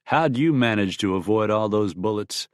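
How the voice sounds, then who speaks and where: Man doing a flat, hard-voiced gunfighter. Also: lowish voice, normal speed, dry recording, studio quality, lightly acted. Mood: steely. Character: tough, calm frontier gunfighter, man. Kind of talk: audiobook character voice.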